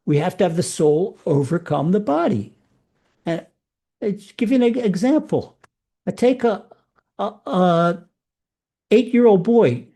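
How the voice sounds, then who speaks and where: A man with a fairly high voice and a gravelly rasp that runs through his speech, with a mellow rather than bright tone. He preaches as a rabbi in an earnest spiritual sermon. He often repeats key phrases for emphasis.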